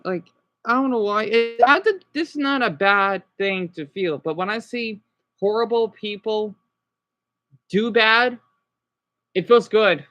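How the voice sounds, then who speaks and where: A man's voice: sits high, a bit bright, muffled recording. Upset young man ranting on a livestream. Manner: upset, ranting, with many restarts and apologies. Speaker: livestreamer reacting to videos. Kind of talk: rambling livestream chat with viewers.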